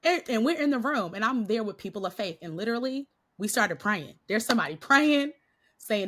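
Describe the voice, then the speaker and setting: Bright-voiced woman telling a story. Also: a little high, a little fast, slight background noise. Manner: animated, laughing often, acts out quotes. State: slightly nasal from a cold. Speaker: podcast guest, Christian coach. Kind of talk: casual storytelling interview.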